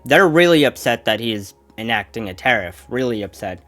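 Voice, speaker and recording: Sarcastic, ranting commentator; animated, bouncy delivery over faint music. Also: medium pitch, brisk. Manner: exasperated, repetitive ranting. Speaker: political commentator.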